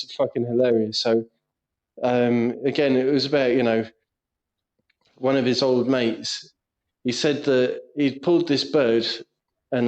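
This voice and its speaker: A man's voice: medium pitch, darkish tone. A man co-hosting a casual podcast, telling stories with lots of swearing and laughter. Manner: sweary, giggly storyteller. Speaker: podcast co-host. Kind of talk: casual chat.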